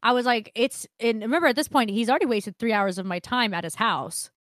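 A woman's voice: fairly high pitch, brisk, no echo, studio quality. A young woman, telling a story on a casual podcast and acting out what people said, with plenty of swearing. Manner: animated, swearing, acts out quotes. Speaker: podcast co-host.

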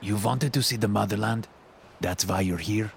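A man's voice: fairly low pitch, moderate pace, a little hiss or hum, voice pushed up. A man voicing an older, gray-bearded Russian man with a thick Russian accent, speaking bluntly and heartily. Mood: curious. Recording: narration over clear music.

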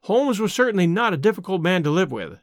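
A man narrating in clear, measured storytelling. His voice sits high and moves with animated pitch. The recording is dry and close. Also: dry recording. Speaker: audiobook narrator. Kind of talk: scripted narration.

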